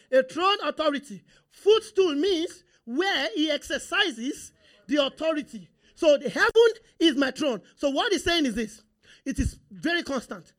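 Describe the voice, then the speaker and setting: High-pitched, animated preacher. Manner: animated, repetitive call-and-response preaching. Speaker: pastor. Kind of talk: sermon.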